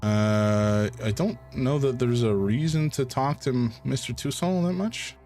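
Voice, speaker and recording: A man's voice: mid-range voice, measured pace, mellow, faint music behind. A man, streaming a game and thinking aloud in rambling commentary. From Canada. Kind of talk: let's play commentary.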